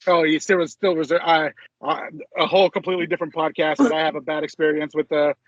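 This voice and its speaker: A man's voice: on the high side, level tone, fast talker, no room sound. A man talking as a podcast guest, telling chatty stories and laughing along. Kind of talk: casual chat. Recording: dry, muffled podcast audio.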